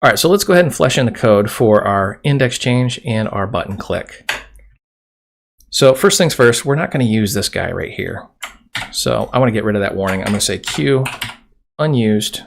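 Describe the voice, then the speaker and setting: A man's voice: fairly low pitch, animated, normal speed, gravelly, slight background noise. A man teaching a coding tutorial over a screen recording, talking casually and joking while he types. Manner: casual, chatty, jokes while typing code. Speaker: programming instructor.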